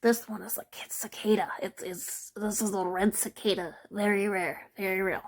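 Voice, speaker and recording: A woman voicing an excited thirteen-year-old boy ranger who eagerly shows off his collection. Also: mid-range voice, moderate pace, natural voice. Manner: eager, showing off.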